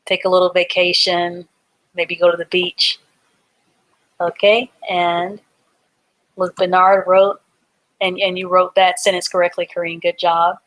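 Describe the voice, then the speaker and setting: A woman's voice: fairly low pitch, level tone, a little slow, pauses often, a bit bright. A woman teaching a live online reading class, patiently spelling words out letter by letter and explaining them simply.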